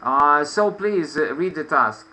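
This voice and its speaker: A man's voice: fairly high pitch, expressive, takes it slowly, noisy background. A man teaching English in an online lesson, explaining patiently with many fillers. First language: Russian. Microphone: video call.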